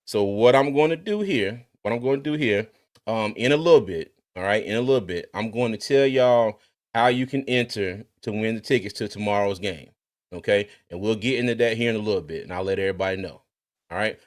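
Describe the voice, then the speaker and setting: A man hosting a casual sports talk livestream, animated and laughing as he reads out viewer comments. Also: lowish voice, a little fast. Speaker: podcast host. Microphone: streaming mic.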